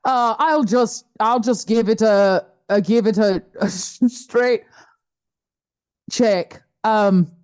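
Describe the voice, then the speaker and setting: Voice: mid-range voice, takes it slowly, darkish tone, clear, resonant tone. A tabletop game player talking casually, laughing and swearing.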